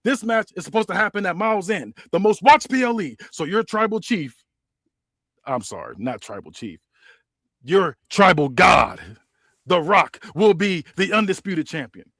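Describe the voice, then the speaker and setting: A man's voice: sits high, lively intonation, moderate pace, pushed and bright, no echo, clean studio sound, pitched above the performer's own voice, exaggerated voice. A man doing a boastful wrestling god. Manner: boastful, third-person promo delivery. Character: arrogant male wrestler calling himself a god.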